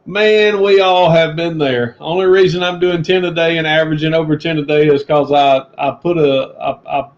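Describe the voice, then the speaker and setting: A man's voice: fairly high pitch, steady tone, normal speed, few pauses. A man co-hosting a reselling livestream, talking in an earnest, encouraging, slightly preachy way. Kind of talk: casual livestream chat. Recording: dull lo-fi stream audio.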